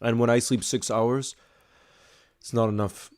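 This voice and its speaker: A young man with a mid-pitched voice keeps a measured pace as he streams a football match live, chatting loosely and reading out viewer messages. He stays casual and talkative, then erupts in excited shouts whenever something big happens.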